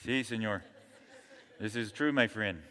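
A man's voice: fairly low pitch, measured pace, bright, forceful tone, slight background noise, voice pushed down. A man with a teasing, put-on Mexican accent, as a preacher jokes from the pulpit. He sounds playful and lighthearted. His voice rings with a long reverb. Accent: put-on Mexican Spanish.

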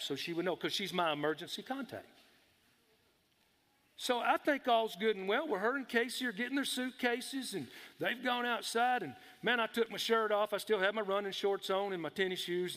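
A middle-aged pastor with a high voice tells a folksy story to his congregation, talking straight to the people in front of him. His tone is bright and forceful. The sound rings with a long reverb from a large church hall. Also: normal speed. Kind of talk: storytelling sermon. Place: church sanctuary.

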